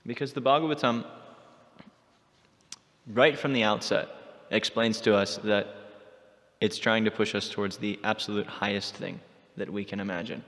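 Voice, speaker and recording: A man giving a scripture class in an animated storytelling manner, in a temple hall. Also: fairly low pitch, unhurried, pauses often. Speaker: class speaker.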